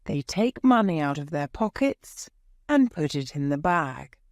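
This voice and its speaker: A woman narrates a graded reader at a very slow, deliberate pace, in a somewhat low voice. The recording is dry and close, with no room sound. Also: sing-song, dry recording. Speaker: audiobook narrator. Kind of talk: slow scripted storybook narration for learners.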